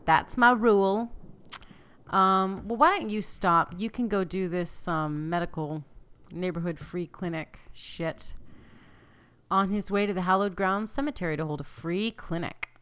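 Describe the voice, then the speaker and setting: A woman's voice: lowish voice, unhurried, a bit bright, clear, resonant tone. A young woman casually commenting on her own gameplay, chatting to her sims, reading the game text aloud and laughing often. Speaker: let's play host.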